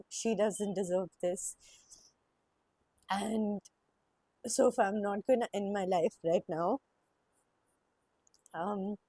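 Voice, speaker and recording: Young woman vlogger, mellow voice, dry close sound; halting, emotional confessional monologue. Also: medium pitch, breathy edge, no room sound. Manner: emotional, halting, with sighs and restarts.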